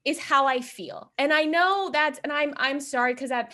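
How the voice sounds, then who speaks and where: A woman hosting a reaction show, ranting with lots of swearing and quick apologies. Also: high voice, bright, forceful tone. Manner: fast, swearing, impassioned, apologetic. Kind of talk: heated reaction rant.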